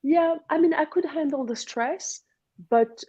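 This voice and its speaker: A woman's voice: sits high, measured pace, warm tone, no room sound, highs cut off. A woman with a slight French-tinged accent, a guest on a radio show, talking chattily and laughing easily. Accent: French-educated. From half Moroccan, half Iranian. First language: not English. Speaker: guest nutritionist. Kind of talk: radio interview.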